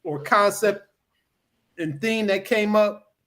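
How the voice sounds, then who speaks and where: A man hosting a casual podcast, his voice sitting a little high. He rambles, restarts his sentences and leans on "you know" as he goes. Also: slow pace, a bit bright. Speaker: podcast host.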